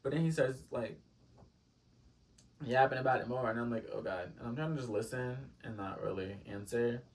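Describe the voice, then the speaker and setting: A man chats through a storytime for his viewers, rambling, piling on fillers and throwing in dramatic asides. His voice sits at an everyday pitch and sounds set back a little from the microphone. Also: normal speed, distant mic. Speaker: storytime vlogger. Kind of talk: casual storytime chat.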